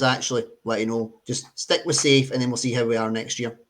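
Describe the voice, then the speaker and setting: Brief: man, mid-pitched, loose rambling co-host talk. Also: level tone, a little fast, a bit bright. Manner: rambling, many fillers and restarts. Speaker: podcast co-host. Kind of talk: casual chat.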